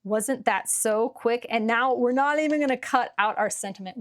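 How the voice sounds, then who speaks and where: A woman hosting a relaxed craft tutorial, chatty and encouraging, with frequent fillers as she works at her table. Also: medium pitch. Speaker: card-making channel host.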